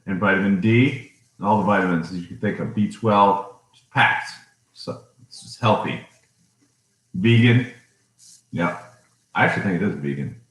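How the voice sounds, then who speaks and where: A man's voice: sits low, normal speed, long pauses, a bit bright. A man co-hosting a casual couple's vlog at home, easygoing and joking. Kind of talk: casual live chat. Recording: roomy echo.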